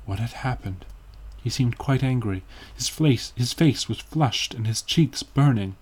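A man narrating a story as an audiobook, reading in a measured and expressive way. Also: mid-range voice, husky.

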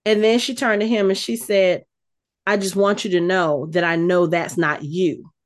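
A woman co-hosting a casual chat, retelling a scene with lively, acted-out quotes. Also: fairly low pitch, normal speed. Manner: animated storytelling, acts out quotes. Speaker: podcast co-host recapping a TV episode.

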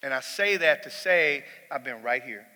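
A man's voice: medium pitch, animated, moderate pace, bright, forceful tone, big-room sound. A middle-aged man preaching a sermon in church, telling a personal story in a conversational way and rising to emphatic peaks.

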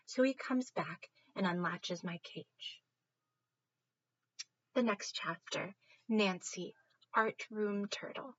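Bright-voiced woman reading a storybook. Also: mid-range voice, highs cut off. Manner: expressive, rhyming, stops to fix slips. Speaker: reader. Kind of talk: reading a children's book aloud.

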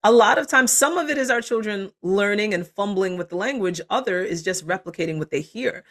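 A woman in her forties, a parenting coach talking as a podcast guest, animated and quick to laugh. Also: mid-range voice. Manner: animated, laughs often, acts out quoted parents and kids. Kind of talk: casual interview conversation.

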